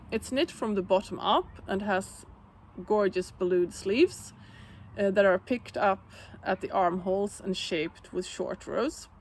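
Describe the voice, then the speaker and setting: Relaxed woman chatting, a bit gravelly. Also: medium pitch, a little hiss or hum. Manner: relaxed, chatty, many fillers. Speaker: knitting podcast host. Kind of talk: casual solo chat.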